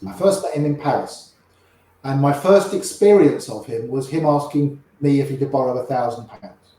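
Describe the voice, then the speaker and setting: A man's voice: medium pitch, normal speed, mellow, very echoey, low-quality recording. Field: interview. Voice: man, storyteller. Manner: chatty, wry, repeats himself while telling stories. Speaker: interview guest, poker player. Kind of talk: casual anecdotal storytelling.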